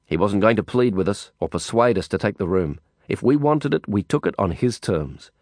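A man narrating an audiobook in a measured storytelling manner. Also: fairly low pitch, lively intonation, a little mellow, no room sound, studio quality.

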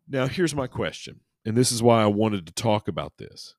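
Brief: male podcast host, deep voice, dry close sound, rambly and jokey. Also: normal speed, no echo. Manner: rambling and jokey, with many restarts and crude asides. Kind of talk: casual chat and reading aloud.

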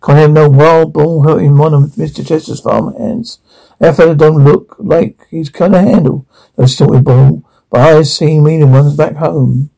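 An unflappable country hillbilly drawls, plainspoken and folksy in the style of an old sitcom. His voice sits a touch high, with a gravelly crackle and a mellow, dark tone. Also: fairly even intonation, unhurried. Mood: calming. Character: easygoing rural hillbilly man, plainspoken and unflappable.

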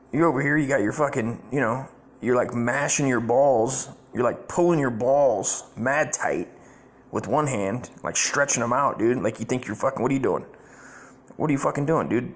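A man voicing his late grandfather as an exasperated older man who scolds in rapid, swearing outbursts. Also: mid-range voice, lightly acted.

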